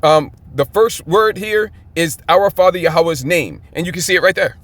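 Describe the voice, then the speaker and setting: A man's voice: high-pitched, normal speed, a bit bright. A man teaching scripture in a fired-up, emphatic way, often checking in with his listeners. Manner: emphatic, keeps checking in with "okay?". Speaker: Bible teacher.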